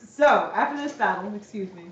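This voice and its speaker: A woman's voice: medium pitch, lively intonation, fairly quick. A young woman streamer casually recapping a game story at home, chatty and playful. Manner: chatty and playful, laughs often. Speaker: streamer giving a lecture. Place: home room. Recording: echoey room, distant dull mic.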